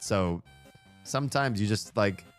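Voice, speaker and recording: A man's voice: on the low side, unhurried, soft background music. A man chatting casually while streaming a game, telling rambling stories. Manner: rambling storytelling with fillers.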